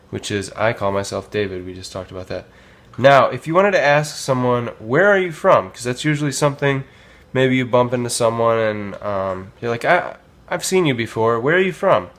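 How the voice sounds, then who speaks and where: A man teaching a casual language lesson, modelling phrases slowly with many pauses and filler words. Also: medium pitch, animated, a bit bright. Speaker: Spanish teacher.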